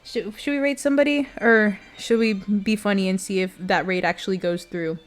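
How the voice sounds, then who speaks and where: A woman's voice: medium pitch, fairly even intonation, normal speed. A young woman streamer in casual chat with her viewers, giggly and emotional, talking straight to her chat.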